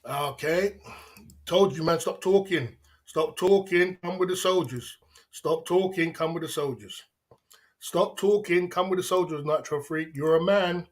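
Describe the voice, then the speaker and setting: Livestream host, man, mocking and insistent, a touch high in pitch. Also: measured pace. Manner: taunting, repetitive, laughs often. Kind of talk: livestream rant at chat.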